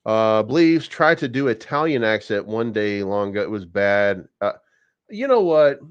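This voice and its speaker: A man's voice: fairly low pitch, steady tone, moderate pace, clean tone, no room sound, dull audio. A man hosting a crypto channel, talking casually through price charts, rambling with lots of fillers, repeated words and casual swearing.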